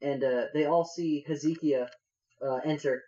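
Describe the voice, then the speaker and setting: Mellow man running a tabletop game. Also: on the high side, steady tone, dull audio. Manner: halting, many fillers. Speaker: game master.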